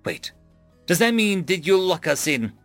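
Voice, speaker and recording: A man's voice: high voice, very animated, a little slow, a bit bright, no echo, faint music behind, voice pushed up, exaggerated voice. A man doing a wary, blunt alien woman.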